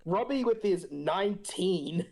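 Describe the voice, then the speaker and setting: A man running a tabletop game as game master, casual and laughing, with halting restarts. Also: high-pitched, animated, vocal fry, a little mellow.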